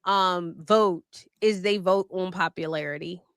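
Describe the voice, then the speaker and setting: A woman commentator in a casual panel chat, animated and laughing, with many restarts. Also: fairly low pitch, a little slow, smooth, no echo, studio quality.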